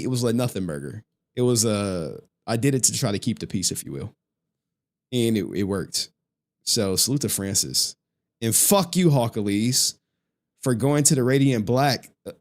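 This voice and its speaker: Male streamer, casual and animated, heavy slang and swearing. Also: mid-range voice. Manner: animated, profane, slangy storytelling. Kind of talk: casual livestream chat.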